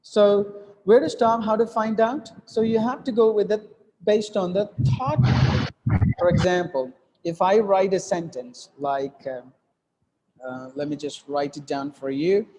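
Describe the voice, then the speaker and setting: A man's voice: sits high, fairly even intonation, a little slow, a little mellow, big-room sound, a little hiss or hum. A man teaching an English lesson while writing on a board, with many fillers and restarts, often repeating "look at that.".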